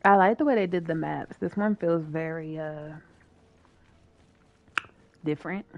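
A woman's voice: low-pitched, a little slow, no echo, dull audio. A woman streaming a co-op video game, chatting playfully and swearing while she plays. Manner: playful, swears and laughs often. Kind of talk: casual gaming chat.

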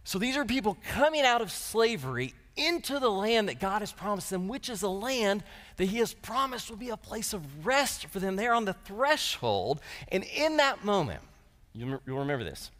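Male preacher, fairly high and very animated delivery, wry humor, sermon in a big reverberant hall. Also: normal speed. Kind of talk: sermon at a lectureship.

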